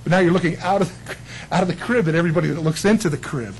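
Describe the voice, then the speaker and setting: A man's voice: fairly high pitch, racing, a little hiss or hum, poor audio. A man preaching a sermon, telling stories with laughter and acted-out quotes. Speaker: pastor.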